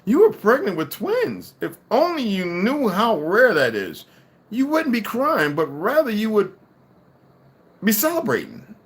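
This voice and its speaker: A man voicing a cold, short-tempered husband who speaks in clipped, sarcastic lines with a husky voice. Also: sits high, huge pitch swings, a little slow, pitched above the performer's own voice, exaggerated voice. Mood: smug.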